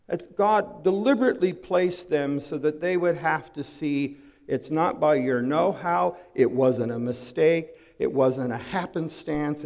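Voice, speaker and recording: A pastor preaching a sermon, dramatic and full of rhetorical questions, swinging from hushed to loud. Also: male voice, a little high, creaky. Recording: long hall reverb.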